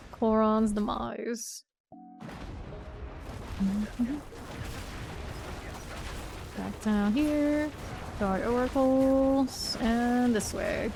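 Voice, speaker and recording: Slow-talking woman streaming a game. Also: fairly high pitch, vocal fry, background noise. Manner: thinks aloud, calls out enemies as they appear. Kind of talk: live gameplay commentary.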